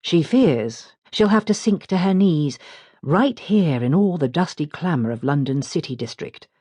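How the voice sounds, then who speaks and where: A woman reads a literary audiobook in a measured, expressive way. Her voice is low but rises and falls with great life, and the recording is close and dry. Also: no echo. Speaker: audiobook narrator. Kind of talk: scripted literary narration.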